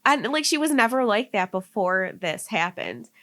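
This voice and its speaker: A woman's voice: medium pitch, sing-song, normal speed, sharp tone. A young woman co-hosting a podcast, casually telling a personal story and rambling with lots of "like". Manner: rambling, heavy use of "like", laughing and tearing up. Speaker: podcast co-host.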